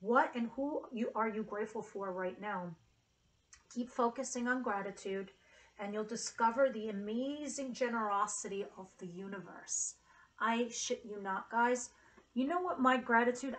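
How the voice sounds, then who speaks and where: Woman, tarot reader, high-ish voice, earnest, emotional, swears casually. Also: rough recording. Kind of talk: casual tarot reading to camera.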